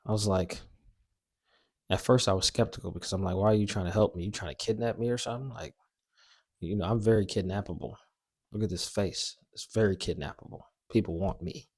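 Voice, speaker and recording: A young man telling a story-time tale in a casual, animated, slangy and self-mocking way. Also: low-pitched, a little fast, dry recording, clean studio sound.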